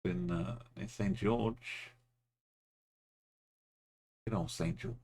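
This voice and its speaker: A man's voice: mid-range voice, big pitch swings, very slow, creaky, a little mellow. A man streaming a geography game, musing aloud in short, offhand remarks as he plays. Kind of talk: casual commentary while playing.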